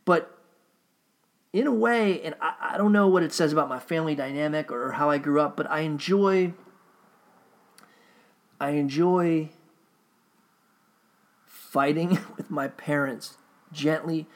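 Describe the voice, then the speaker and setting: Creaky-voiced man rambling casually. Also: fairly high pitch. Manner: rambling and profane, with frequent restarts.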